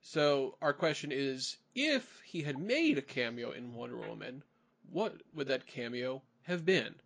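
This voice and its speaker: A man's voice: mid-range voice, very animated, a little slow, creaky, fairly bright tone. A man hosting a casual podcast chat, rambling and hedging a lot as he leads the questions. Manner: rambling, hedging with "like" and "you know". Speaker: podcast host.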